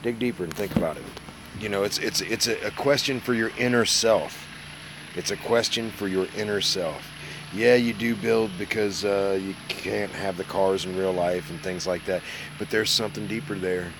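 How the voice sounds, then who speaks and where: A man's voice: deep voice, moderate pace, background noise. Hungover, folksy man rambling. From Mississippi. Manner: rambling, self-mocking, folksy. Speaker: model-building live streamer. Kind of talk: casual live stream chat.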